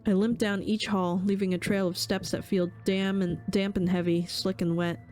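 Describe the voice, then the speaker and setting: A woman's voice: mid-range voice, flat delivery, moderate pace, darkish tone, soft background music. Woman narrating a horror game. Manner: dramatic, somber reading with casual asides. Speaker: streamer. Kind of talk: reading a horror visual novel aloud.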